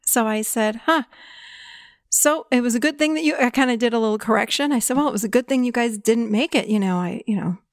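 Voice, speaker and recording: A woman's voice: fairly high pitch, fast, dry recording, clean studio sound. A middle-aged woman talking casually as a podcast guest, telling a story with acted-out quotes and frequent laughs. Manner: animated storytelling, acts out quoted lines, laughs often.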